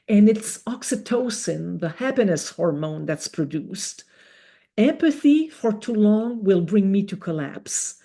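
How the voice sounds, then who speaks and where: A woman giving an educational webinar talk, explaining step by step in a measured way. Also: medium pitch, mellow. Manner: slow, measured explaining with rhetorical examples. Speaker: webinar speaker.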